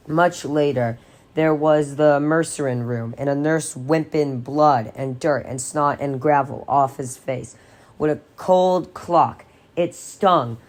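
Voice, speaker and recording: A woman with a notably low voice reads a horror novel aloud dramatically, steady and expressive like a careful audiobook narrator.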